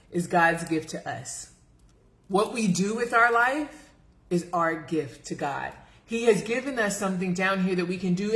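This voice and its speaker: A middle-aged woman coaching viewers live, energetic and emphatic as she talks straight to her girlfriends. Her voice carries a roomy echo around it. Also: fairly low pitch. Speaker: life coach for women over 40. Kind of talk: live-streamed coaching talk.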